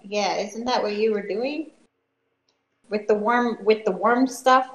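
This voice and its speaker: A woman playing a tabletop game on a live stream, quick and playful, often stopping and restarting. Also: mid-range voice, reverberant, dull audio. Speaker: player.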